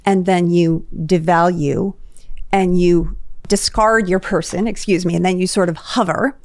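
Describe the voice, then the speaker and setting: A woman's voice: lowish voice, fairly even intonation, measured pace, no room sound, clean studio sound. A woman therapist, a guest on a podcast, analyzing relationship dynamics in an explanatory, conversational way.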